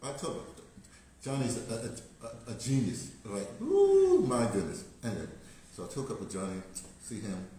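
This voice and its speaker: A man's voice: lowish voice, normal speed, warm tone, a little hiss or hum. An older American man talking in a rambling, casual monologue, digressing and laughing often. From United States. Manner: digressive, laughing, many restarts. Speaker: vlogger. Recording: very echoey room.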